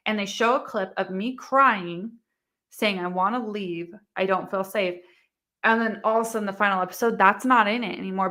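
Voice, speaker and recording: As a guest in a candid, casual interview, a young woman tells her story loosely and ramblingly, filling it with "like" and acting out quotes from the people involved. Her medium-pitched voice is bright and forward.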